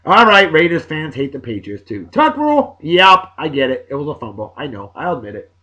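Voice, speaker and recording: Man, 40s, somewhat high voice, jokey, loud bursts and mumbled asides, casual vlog shout-outs. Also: big pitch swings, fairly quick, lo-fi sound. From Massachusetts, USA. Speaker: video blog host.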